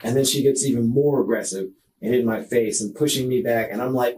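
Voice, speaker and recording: A man's voice: medium pitch, fairly even intonation, brisk, darkish tone, recorded from a distance, a little hiss or hum, rough recording. A man giving a recorded statement during a police interview, agitated and pleading, often breaking off and repeating his words. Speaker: murder suspect under police questioning.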